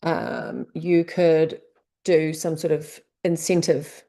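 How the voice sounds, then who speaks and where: A woman's voice: deep voice, level tone, takes it slowly, dark tone. A woman with a New Zealand accent presenting a business tips lesson, talking through questions in a conversational way. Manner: conversational, asks many rhetorical questions.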